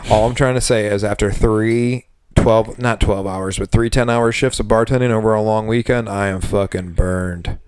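A man's voice: fairly even intonation, moderate pace, few pauses, a little mellow, clean tone. A man co-hosting a podcast, venting about bartending with lots of swearing and mimicking customers. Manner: profane venting, mimics customers in high voices. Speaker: podcast co-host. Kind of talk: casual chat.

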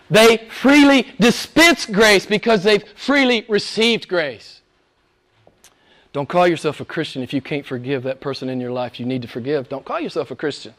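A man preaching a sermon, rising to loud, high emphatic peaks and dropping to hushed near-whispers, with rhetorical questions and repetition. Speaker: pastor.

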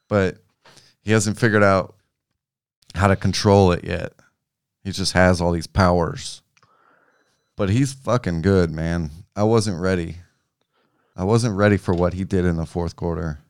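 A man co-hosting a sports podcast, chatting casually about basketball in a relaxed way, with restarts and trailing phrases. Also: sits low, smooth, no echo, studio quality. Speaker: podcast co-host.

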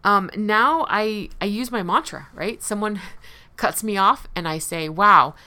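A woman's voice: mid-range voice, expressive, unhurried, pushed and bright, smooth. A woman hosting a personal recovery talk, speaking candidly and conversationally, often laughing lightly at herself.

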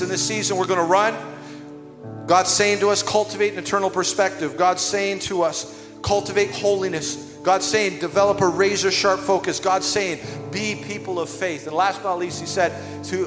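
Man, pastor, emphatic sermon, high voice, echoey church hall. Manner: preachy, emphatic, calls out to congregation. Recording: echoey hall with music behind.

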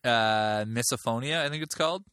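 A man's voice: medium pitch, normal speed, bright, forceful tone, clean tone, no echo, studio quality. A man in his thirties, a comedian guest chatting casually, laid-back and rambling, laughing easily. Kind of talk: casual chat.

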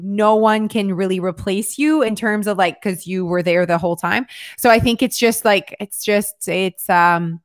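Chatty mom, rambling with many restarts. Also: female voice, medium pitch. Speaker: podcast co-host. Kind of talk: casual chat.

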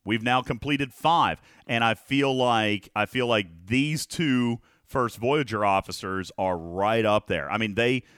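A man co-hosting a casual gaming podcast, talking emphatically and checking in with listeners as he goes. His voice sits at an ordinary middle pitch. The room sounds dry and close. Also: unhurried, hardly any pauses, fairly bright tone, smooth, no echo. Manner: emphatic, reads viewer comments aloud, rhetorical "okay?" check-ins. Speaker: podcast co-host.

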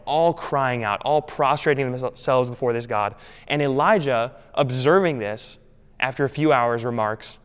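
A man's voice: mid-range voice, smooth. A man preaching a sermon as pastor, earnest and emphatic, leaning on repeated phrases. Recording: long hall reverb.

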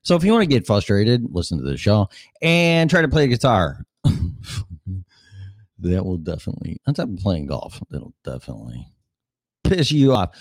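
A man's voice: lowish voice, sing-song, moderate pace, dry recording. A man hosting his own podcast solo, rambling casually in a scattered, profane and self-mocking way. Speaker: podcast host.

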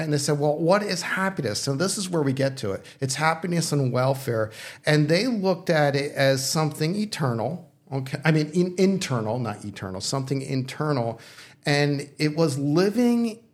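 A male pastor in casual discussion, thinking aloud with restarts and checking in with "okay?", sometimes teasing. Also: a little high. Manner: playful, teasing. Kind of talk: casual discussion on faith and philosophy.

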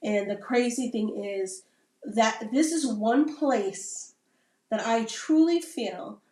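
A woman's voice: a little high, animated, takes it slowly, darkish tone. A woman, a Navy veteran, talking in a casual, rambling podcast conversation and often checking in with "right?". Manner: rambling, keeps adding "right?" tags. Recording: roomy sound from a distant mic.

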